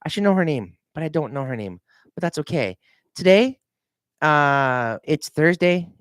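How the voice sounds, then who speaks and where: A middle-aged man rambling in a casual vlog, telling animated stories and swearing freely. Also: fairly high pitch, normal speed, smooth, no echo, studio quality. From Minnesota. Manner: animated storytelling, mimics voices, swears freely. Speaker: realtor vlogger.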